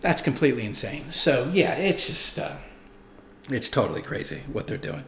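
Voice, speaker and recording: A man's voice: mid-range voice, big pitch swings, normal speed, a bit bright, reverberant, a little hiss or hum. A man in his forties hosting a show, telling stories and reading viewer comments in a rambling, profane, emphatic way. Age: 40s. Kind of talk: casual monologue.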